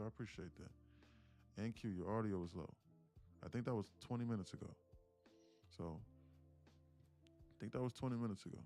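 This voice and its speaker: A man hosts a day-trading livestream in a loose, casual voice, chatting back to viewers and cursing now and then. His pitch sits in a plain middle range, and he speaks from about a foot off the mic. Faint music plays in the background. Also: a little mellow. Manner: loose and chatty, swears casually, reads out chat replies.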